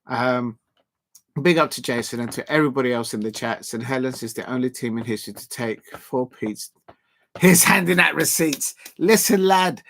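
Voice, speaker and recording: A man chats casually on a livestream as its host. He teases, laughs often and repeats his lines for effect. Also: medium pitch. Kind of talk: casual live-stream chat.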